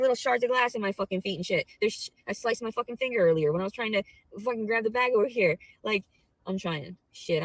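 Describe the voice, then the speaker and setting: A young adult woman vents in a profane, rambling rant. She talks fast, swears nearly every line, and drops to murmurs between outbursts. The recording is dry, with no room sound. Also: on the low side, dry recording, poor audio. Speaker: vlogger.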